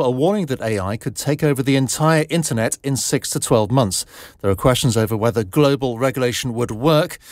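A man reading a radio news bulletin in a measured, formal way from a studio. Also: mid-range voice, no room sound. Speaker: newsreader.

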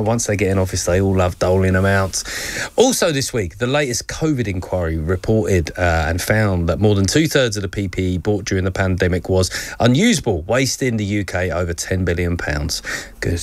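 A man's voice: lowish voice, no echo. Playful male radio host, dry close sound. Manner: playful, quick to laugh at himself. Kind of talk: chatty current-affairs hosting with a quiz.

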